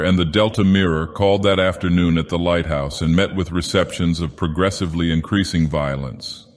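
Low, slow-reading male narrator. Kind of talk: audiobook narration in a game villain persona.

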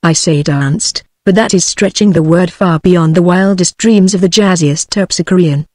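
The narrator is a synthesized woman with a British English accent, reading a story for an audiobook in a calm, even way. Her voice is lowish, and the dry recording has studio quality.

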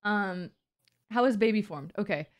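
Her voice is mid-range with lively intonation and a moderate pace. This streamer co-host chats loosely on stream, acting teacher-like while joking crudely and giggling playfully.

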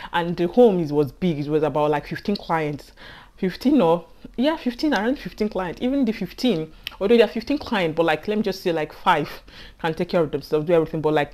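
A young woman with a Nigerian accent telling a personal work story to camera in a casual, animated way, laughing often and acting out what others said. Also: on the low side, a little fast. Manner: animated, laughs often, acts out quoted speech. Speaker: healthcare assistant vlogger.

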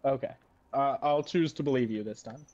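A man's voice: medium pitch, a little fast, a little mellow, highs cut off. A man chatting casually with friends while gaming, teasing them with mock threats. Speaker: gamer on a group stream.

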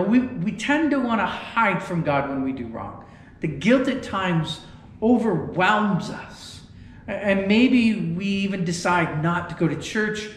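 A man's voice: high voice, a little hiss or hum. A man preaching an online sermon in a folksy, conversational way, often repeating words. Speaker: pastor. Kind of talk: sermon with storytelling. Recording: echoey room.

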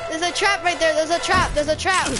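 Very high-voiced excitable woman gamer. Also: loud music behind the voice. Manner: excitable, quick bursts of protest and laughter. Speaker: streamer. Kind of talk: casual gaming chat.

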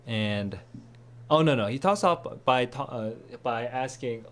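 Tired man thinking aloud. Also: normal speed. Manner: tired, musing, low-energy. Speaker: test prep tutor. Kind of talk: thinking aloud while reading.

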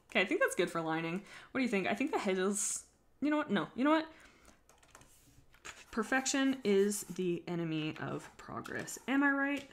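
A woman chatting casually on a live stream while she draws, rambling and poking fun at herself, sometimes trailing off quietly as she focuses. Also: fairly low pitch, gravelly. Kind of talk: casual livestream chat while drawing.

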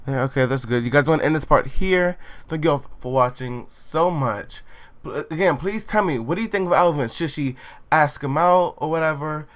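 A man's voice: fairly high pitch, moderate pace, fairly bright tone, dry recording. Sassy teenage guy narrating gameplay. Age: late teens. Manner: sassy, chatty running commentary with playful exclamations. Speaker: gaming channel host. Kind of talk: let's play commentary.

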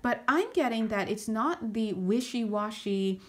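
A woman's voice: a little high, lively intonation, unhurried. A woman doing a casual spiritual reading to camera, out of breath, chatty and searching for words with frequent restarts. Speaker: astrology and tarot reader.

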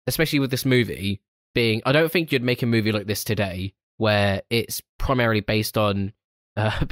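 A young man chats about films on a podcast, his voice sitting on the low side. He swears freely and laughs easily as he talks. The sound is close and dry, with no room around it. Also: no room sound. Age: 20s. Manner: swears freely, laughs often, animated retelling. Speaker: podcast co-host. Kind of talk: casual film review chat.

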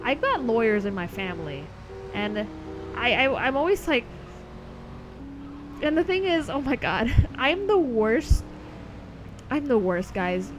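A woman's voice: on the high side, very animated, measured pace, pauses often, over music. A young adult woman streaming a game, chatting casually with viewers, rambling and laughing often. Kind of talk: casual live-stream chat over gameplay.

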